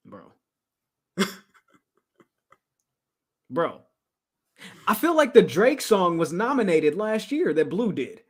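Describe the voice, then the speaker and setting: A man co-hosting a podcast, chatting casually in laid-back slang with quick laughs. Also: high voice, big pitch swings, slightly rough. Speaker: podcast co-host. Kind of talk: casual chat.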